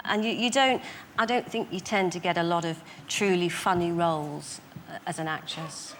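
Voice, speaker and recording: A woman's voice: lowish voice, normal speed. Northern english woman on a tv chat show, lots of ums and restarts, bit of hiss behind. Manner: hesitant, thoughtful, many fillers and restarts. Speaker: talk show guest. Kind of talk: casual chat.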